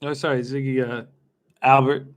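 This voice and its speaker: A man's voice: mid-range voice, flat delivery, moderate pace. A young man hosting a live stream, chatting casually with viewers by name and laughing often as he bets on races. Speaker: livestream host betting on horse races.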